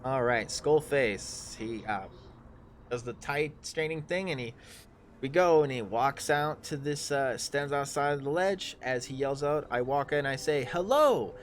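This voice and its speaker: A man narrating as game master in a live tabletop game, loose and halting with lots of fillers. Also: medium pitch, slight background noise.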